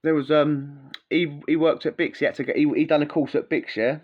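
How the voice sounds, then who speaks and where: A man's voice: on the high side, little pitch movement, fairly quick, highs cut off. A man telling stories casually in a rambling, slangy way, full of fillers and asides. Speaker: vlogger recounting prison life. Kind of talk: casual storytelling.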